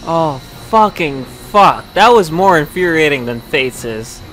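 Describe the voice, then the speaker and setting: A young man talks through his game on a live stream, rambling and off the cuff. His voice sits a little high, and he swears and yells when the game frustrates him. Faint game music plays underneath. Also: expressive, a little slow. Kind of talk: live gameplay commentary.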